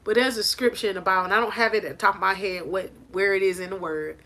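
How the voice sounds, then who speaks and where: Emphatic, bright-voiced woman coach. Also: medium pitch, fairly even intonation, quick pace. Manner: preachy, emphatic, repeats "I said it". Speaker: life coach. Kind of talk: motivational talk to camera. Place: on a porch outdoors. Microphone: phone held in hand.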